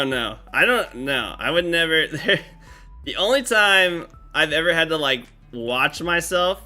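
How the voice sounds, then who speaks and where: A man's voice: medium pitch, pushed and bright. A man chatting casually on a live game stream, rambling with lots of fillers and restarts. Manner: rambling, filler-heavy talk with many restarts. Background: faint game music.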